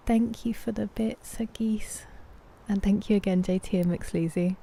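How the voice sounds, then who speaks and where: A British woman chatting casually on a live game stream, thanking viewers and sometimes dropping into a soft whisper. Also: mid-range voice, fairly even intonation, unhurried, gravelly, soft background music. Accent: British English.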